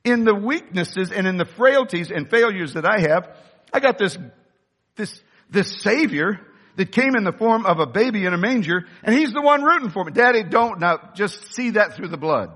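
A fiery male pastor preaching with an impassioned, swooping delivery that climbs into shouts. His voice sits high and bright with a husky edge. The sound carries the long reverb of a large hall. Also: expressive, normal speed. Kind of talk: sermon.

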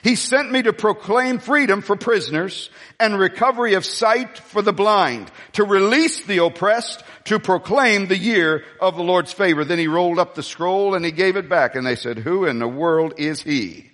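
A man's voice: high voice, moderate pace, few pauses, a bit bright, in a large hall. A male pastor preaching a sermon, rambling into storytelling asides and calling on the congregation to repeat after him.

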